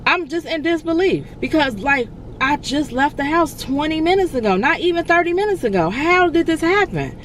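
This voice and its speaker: A woman's voice: high voice, expressive, normal speed, hardly any pauses, a little hiss or hum. A woman in her forties telling viewers how her house burned down, near tears and repeating herself, calling them y'all. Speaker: vlogger. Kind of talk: emotional storytelling vlog.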